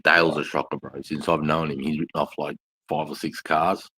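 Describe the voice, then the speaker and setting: A man's voice: very deep voice, little pitch movement, fairly quick, pushed and bright, slight background noise. An Australian man telling crude, slang-filled stories in casual chat. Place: bar.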